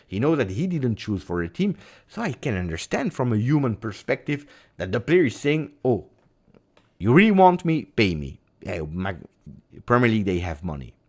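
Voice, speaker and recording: A man hosting a football vlog, talking in an emphatic, theatrical way that jumps between loud and hushed. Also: medium pitch, big pitch swings, fairly quick. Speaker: football channel host. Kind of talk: animated football commentary vlog.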